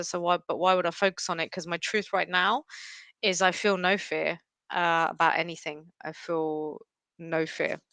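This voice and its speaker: A woman's voice: on the low side, pushed and bright, clean tone, no room sound. A woman co-hosting a casual chat show, earnest and reflective, laughing often as she talks. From England. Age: adult. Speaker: co-host.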